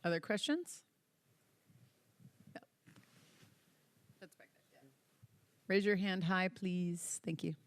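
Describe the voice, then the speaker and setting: A woman's voice: fairly low pitch, fairly even intonation, takes it slowly, pauses often. A woman moderating a panel discussion, conversational and leading the questions.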